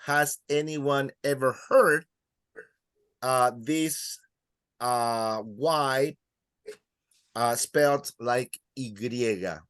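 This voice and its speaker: Slow-talking guy teaching a class, says words over and over, dry sound. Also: mid-range voice, a bit bright, smooth, no room sound. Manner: patient, repeats words slowly for students. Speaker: Spanish teacher.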